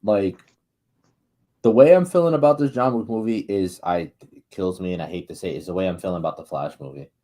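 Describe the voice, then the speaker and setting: A man co-hosting a podcast, chatting casually about movies, excitable, swearing a lot and acting out scenes. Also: deep voice, a little fast. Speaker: podcast co-host.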